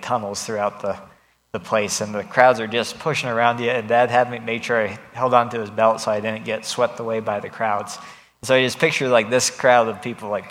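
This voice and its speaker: A young man reading scripture and then preaching in a relaxed, conversational way, retelling the story in everyday speech. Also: mid-range voice. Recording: long reverb of a hall.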